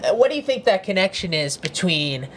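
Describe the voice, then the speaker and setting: A man's voice: sits high, sing-song, brisk, fairly bright tone, a little hiss or hum. A man hosting a casual podcast, who asks teasing questions and jokes with his co-host.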